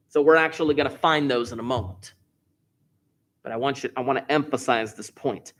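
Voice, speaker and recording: A man teaching a math class, explaining each step in order. He repeats the key points and puts heavy stress on important words. His voice sits at an ordinary middle pitch. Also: brisk. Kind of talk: classroom lesson.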